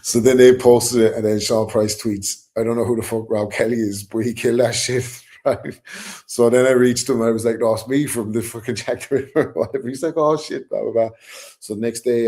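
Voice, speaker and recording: A man's voice: on the low side, steady tone, brisk, dark tone. A middle-aged Irish man telling a story in a casual chat, acting out the quotes and swearing freely. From Ireland. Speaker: guest rapper.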